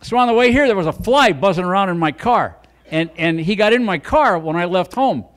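On a club stage, an older man with a strikingly high voice performs stand-up, rambling in a folksy, self-deprecating way into a handheld mic. His intonation is lively, his pace fairly quick, and his tone fairly bright.

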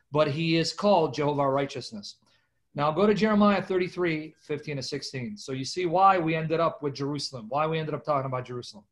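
A man teaching scripture with lively, emphatic energy, his voice sitting a little higher than most men's. He speaks through a video-call microphone and talks straight to his class. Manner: animated, emphatic, talks to viewers as "guys".

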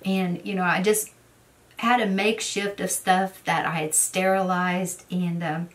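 A woman's voice: lowish voice, fairly even intonation, unhurried, far from the mic. A woman chatting casually in a get-ready-with-me vlog, telling a rambling story full of fillers. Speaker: beauty vlogger.

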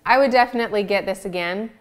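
A young adult woman who makes ice cream reviews store-bought ice cream in a casual vlog, chatting as she goes and talking with her mouth full. Her voice is medium-pitched and brisk.

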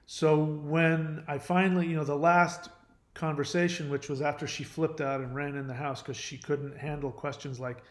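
Talking personally to camera on his own channel, this male host sounds casual, earnest and confiding, frequently starting over or letting sentences fade. His fairly high voice barely moves in pitch, his pace is moderate, and there's echo in the room.

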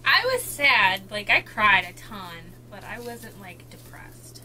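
A woman from the Northeastern US chatting with friends about books, teasing and drawn out, sometimes dropping to soft asides. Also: mid-range voice, lively intonation, slow pace. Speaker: co-host of book vlog. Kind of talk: casual chat among friends.

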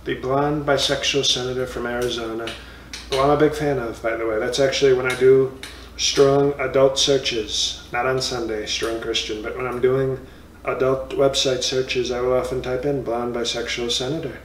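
A man's voice: medium pitch, little pitch movement, normal speed, distant mic, a little hiss or hum, lightly acted. A man doing a comic impression of a blustering former president in a boastful, rambling monologue full of insulting nicknames, recorded in a roomy space.

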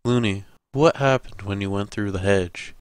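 A frightened, determined wife pleading to leave , as a male narrator puts her on. The deep, smooth reading voice lifts a little for her, recorded dry and close. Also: moderate pace, dry recording, close to an everyday voice. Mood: worried.

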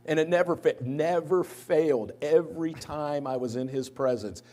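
A man's voice: on the high side, moderate pace. A man, likely a pastor, giving a eulogy at a church memorial service, telling anecdotes and livening up when he quotes others. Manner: anecdotal storytelling, lively when quoting others. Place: church sanctuary.

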